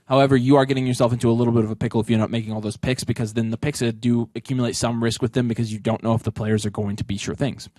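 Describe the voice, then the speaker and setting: A man co-hosting a casual talk show, giving emphatic, rapid advice. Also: medium pitch, steady tone, dark tone, no echo, clean studio sound. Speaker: podcast co-host. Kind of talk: casual chat.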